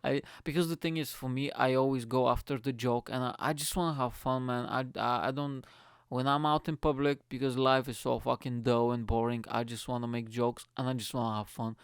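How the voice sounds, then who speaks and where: A man, a comedian telling a crude, animated story in casual chat, swearing often and laughing as he talks. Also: medium pitch, a little fast, clear, resonant tone, dry recording, clean studio sound. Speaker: comedian host.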